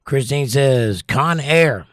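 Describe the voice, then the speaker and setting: A man's voice: mid-range voice, animated, takes it slowly, noisy background. A Southern American man hosting a livestream, reading viewer comments aloud in a casual, chatty way and giving firm, opinionated takes. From Southern United States. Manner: opinionated, chatty, recommends movies with strong takes. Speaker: livestream host.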